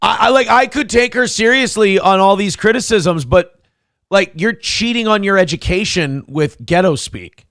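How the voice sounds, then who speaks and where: Crude mocking high-voiced man. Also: moderate pace, fairly bright tone, dry recording, clean studio sound. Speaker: morning show host. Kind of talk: casual talk-show banter. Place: radio studio.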